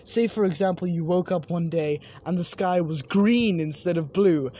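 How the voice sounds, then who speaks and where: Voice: mid-range voice, normal speed, few pauses, mellow, slight background noise. A young adult vlogger rambling casually outdoors at night, swearing often and stopping mid-word to correct themselves. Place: outdoors at night overlooking buildings.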